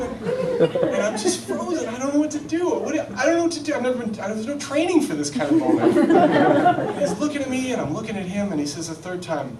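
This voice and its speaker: A man with a high, bouncy voice performs stand-up, rambling and poking fun at himself. He sounds a step back from the mic in an echoey venue, with a loud, laughing crowd all around. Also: recorded from a distance. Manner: animated, rambling, self-mocking. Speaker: stand-up comedian. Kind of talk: stand-up storytelling. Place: comedy stage before a live audience. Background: audience laughter.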